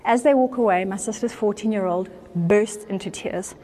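A woman pastor, telling a story in an animated way during a sermon. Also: medium pitch, normal speed. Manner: animated storyteller, acts out voices with laughter. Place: church.

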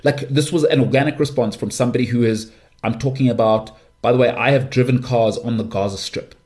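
A man hosting a podcast, delivering an impassioned monologue with forceful, repetitive emphasis. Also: mid-range voice, fairly even intonation, fairly quick. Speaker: podcast host.

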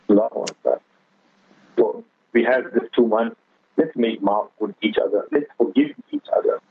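A man's voice: medium pitch, breathy edge, no echo. A man giving an earnest religious talk on a radio show, urging listeners and telling a moral story. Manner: earnest, exhorting, addresses the other speaker as Maulana; tells a moral story with quoted dialogue. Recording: phone line on radio.

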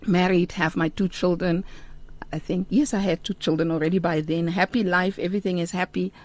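A middle-aged woman giving a heartfelt personal testimony in an interview, earnest and unhurried with frequent ums. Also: on the low side, steady tone. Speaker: interview guest.

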